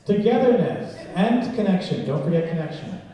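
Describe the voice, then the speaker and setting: A man's voice: sits high, very animated, moderate pace, warm tone. A man leading a community singalong with a guitar, playful and coaxing the crowd, speaking and singing. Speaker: musical guest song leader. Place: large hall with a crowd. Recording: echoey hall recording from a distance. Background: guitar music.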